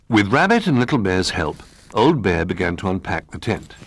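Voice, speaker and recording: A man narrating a children's storybook in a gentle, expressive manner. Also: deep voice, moderate pace.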